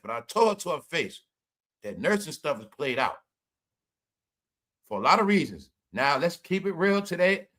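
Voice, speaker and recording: Man, high voice, bright tone, profane mocking livestream rant, laughs a lot. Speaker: podcast host. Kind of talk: casual livestream commentary.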